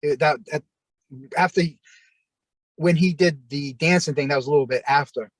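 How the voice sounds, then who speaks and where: A man who used to wrestle, telling a backstage story as an interview guest, cursing freely and acting out his own shouts. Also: fairly high pitch, normal speed, no room sound, rough recording. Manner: animated, profane, acts out his own shouting.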